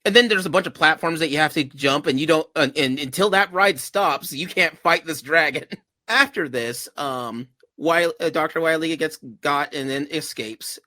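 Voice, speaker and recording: A man's voice: a little high, moderate pace, bright, forceful tone, dry recording. A man hosting a casual gaming podcast, retelling game history with frequent laughter and rambling asides. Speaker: podcast host. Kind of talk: casual chat.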